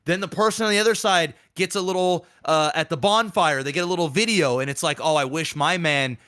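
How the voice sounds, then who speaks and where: A man's voice: sits high, fast talker, smooth. A man co-hosting a casual podcast, telling stories with lots of swearing and acting out the people he quotes. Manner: animated storyteller, profane, acts out quoted people. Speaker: podcast co-host.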